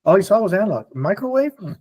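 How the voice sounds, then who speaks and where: Husky older man telling animated stories. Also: sits high, fast. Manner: animated storyteller acting out voices. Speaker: support group speaker. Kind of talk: storytelling talk to a group.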